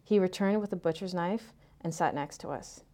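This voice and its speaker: A woman reads a first-person story aloud, her voice low and mellow. She keeps a measured pace and lets each phrase trail off softly. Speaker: narrator.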